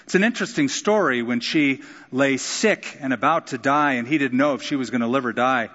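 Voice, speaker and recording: A man's voice: fairly quick, highs cut off. Man preaching a sermon in a large hall. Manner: expressive preaching, acting out quotes with sudden rises in pitch. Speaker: pastor.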